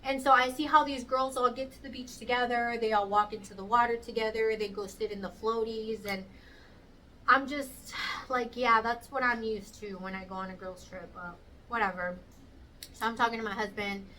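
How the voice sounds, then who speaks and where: A woman in her thirties telling a casual storytime vlog, animated and acting out the voices of the people she quotes. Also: a little high, moderate pace, distant mic, slight background noise, low-quality recording. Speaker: vlogger.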